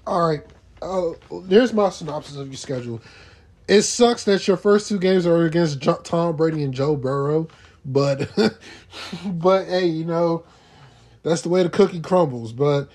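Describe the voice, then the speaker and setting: A man's voice: a little high, a little slow, a little mellow. A man co-hosting a sports podcast, teasing a friend in a matter-of-fact way. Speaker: podcast co-host. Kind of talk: casual sports chat.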